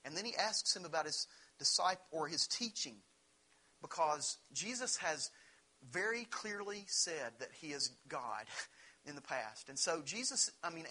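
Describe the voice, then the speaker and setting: A man preaching a sermon, earnest and emphatic, rising in pitch when he acts out scripture. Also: pushed and bright, husky, poor audio. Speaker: pastor.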